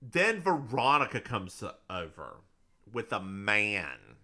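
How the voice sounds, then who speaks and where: A man's voice: lowish voice, big pitch swings, slow pace, bright, forceful tone. A man co-hosting a podcast, recapping a TV episode in a playful, jokey way. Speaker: podcast co-host. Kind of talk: casual recap chat.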